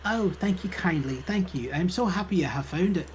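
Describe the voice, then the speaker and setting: A prim old lady librarian from a text adventure, speaking in a lively, slightly raised voice, voiced by a man reading the game aloud. A faint hiss of noise sits under the voice. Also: high-pitched, brisk, voice pushed up. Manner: reads game text aloud, lightly putting on a voice. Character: prim older female librarian in a fair-era text game.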